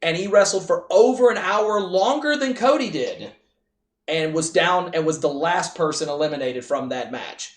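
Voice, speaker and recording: Podcast co-host, a man who is a touch high-pitched and speaks emphatically, recorded far off in an echoey room. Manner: emphatic, drawn-out opinions. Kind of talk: casual wrestling chat. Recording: echoey room, distant from mic.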